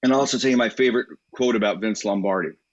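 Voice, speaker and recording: A man speaking as a guest in a podcast interview, telling anecdotes in a relaxed, conversational way. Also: lowish voice, rapid-fire. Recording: dry, slightly muffled recording.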